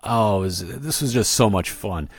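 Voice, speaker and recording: Low-voiced rambling male podcast host. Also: animated, moderate pace. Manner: rambling, self-deprecating, lots of restarts. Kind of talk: casual chat.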